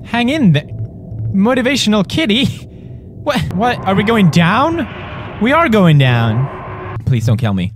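Excitable swearing man playing a horror game. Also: sits high, a little slow, pauses often. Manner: loud, excitable, swearing, yelping at scares. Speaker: gamer. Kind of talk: gaming commentary. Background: game music.

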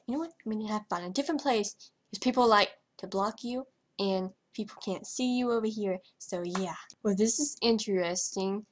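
A young woman vlogger talking over her gameplay in a hyper, rambling way, trailing off and stuttering as she goes. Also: mid-range voice. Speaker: gaming vlogger. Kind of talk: casual commentary over gameplay.

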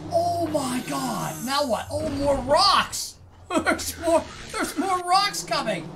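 A woman giving excited, chatty commentary while playing a video game, often exclaiming and laughing. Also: high voice, background noise. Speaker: gaming let's-player.

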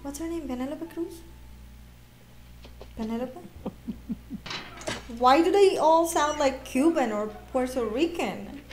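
A woman hosts a reaction video, chatting casually, laughing often and exclaiming at what she watches. Her high-pitched voice is expressive and slow, with frequent pauses. The room echoes and music plays behind her.

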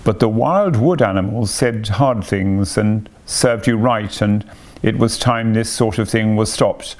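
A man's voice: lowish voice, unhurried, a little mellow, lightly acted. A man voicing a sensible, earnest male water rat who speaks emphatically in a read-aloud storybook. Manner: emphatic, impressive.

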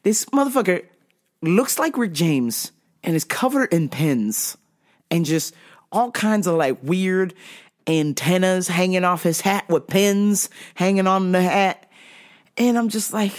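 A woman hosting a podcast, telling a story in an animated, profane, casual way. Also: lowish voice, unhurried. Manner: animated, profane, laughing between lines. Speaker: podcast host.

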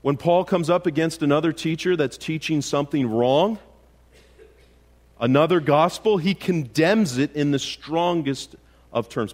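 A man's voice: on the high side, unhurried, a little mellow. A man preaching in church as pastor, often restarting his sentences and building to emphatic rhetorical questions. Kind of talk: sermon.

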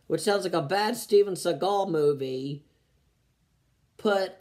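Sarcastic man with a lively voice. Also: high-pitched, takes it slowly. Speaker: comedian. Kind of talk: comedic vlog reading online comments.

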